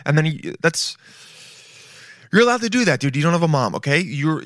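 A man's voice: on the high side, very animated, fast, fairly bright tone, no room sound, clean studio sound. Rambling, profane comedy podcast man. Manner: profane, rambling, chummy, says dude a lot. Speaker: podcast host. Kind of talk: casual comedic monologue.

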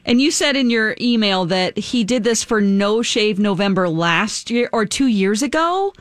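Bubbly, expressive female radio co-host. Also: medium pitch, moderate pace, no echo, studio quality. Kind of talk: casual studio banter and prank call.

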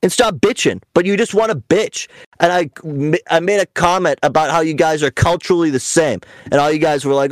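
Slightly high and a little fast, this young podcast host's voice is recorded dry and close. In casual podcast chat he rants and mocks, rambling through stories and swearing heavily.

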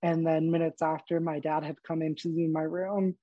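A young man appears as a podcast guest, candidly and animatedly telling personal stories, laughing often and acting out quoted dialogue. His voice sits on the high side at a moderate pace, and the recording is dry and lo-fi.

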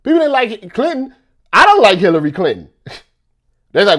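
A man's voice: sits high, big pitch swings, moderate pace, fairly bright tone. A man talking in a casual rant, repeating himself and firing off rhetorical questions.

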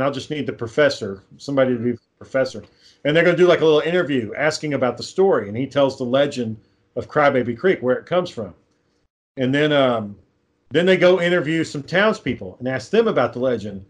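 A man in casual chat, rambling through a low-budget horror film plot, swearing freely and acting out the characters' lines. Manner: rambling, profane, acts out quoted lines. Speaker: amateur filmmaker pitching a script.

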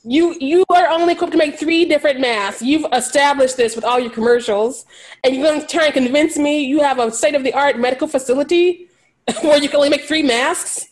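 A woman co-hosting a podcast, recapping a movie in casual chat with sarcastic, animated jokes and frequent laughter. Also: high-pitched, a little fast. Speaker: podcast co-host.

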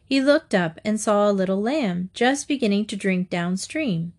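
A woman storyteller reading short fables aloud in a measured, deliberate way. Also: mid-range voice, animated, a little mellow.

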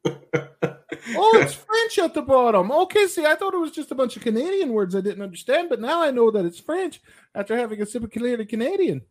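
Casting: man putting on a folksy Canadian caricature, very high and bouncy, swooping pitch. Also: very animated, fairly quick, heavily acted. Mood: giddy. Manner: high sing-song pitch with stretched vowels.

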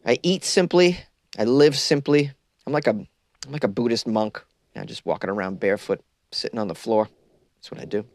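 A man's voice: mid-range voice, moderate pace, no echo, studio quality. A young man hosting a comedy podcast from a closet, rambling loosely and mocking himself while caffeinated and stoned.

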